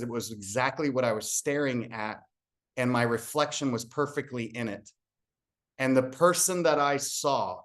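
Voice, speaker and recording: A man speaking as a guest speaker, telling an earnest personal story in a motivational talk and acting out the dialogue. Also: medium pitch.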